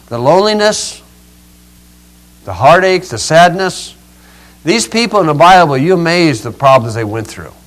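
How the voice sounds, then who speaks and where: High-voiced older preacher, folksy storyteller. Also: male voice, a bit bright, rough recording. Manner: folksy and dramatic, acting out voices with sudden rises and drops. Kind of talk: storytelling sermon.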